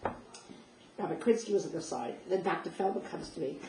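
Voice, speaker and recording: A woman's voice: fairly low pitch, lively intonation, normal speed, gravelly, mellow. Older woman telling a story in a roomy space. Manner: vivid, emotional retelling with reenacted dialogue. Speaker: speaker sharing personal memories. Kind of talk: first-person storytelling. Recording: roomy distant mic with faint noise.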